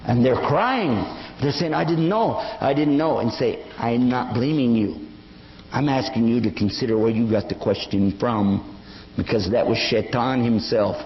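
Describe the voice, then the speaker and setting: A man's voice: mid-range voice, unhurried. An older man giving an Islamic lecture, telling stories and acting out the voices of the people in them. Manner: animated storytelling, acting out quoted voices. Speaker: Islamic preacher. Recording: echoey hall, dull lo-fi sound.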